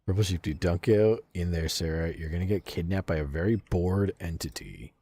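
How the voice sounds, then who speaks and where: A man's voice: low-pitched, animated, moderate pace, warm tone, husky, no echo. A man streaming a game and casually chatting with his viewers, swearing freely and laughing often. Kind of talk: casual game livestream chat, reading chat aloud.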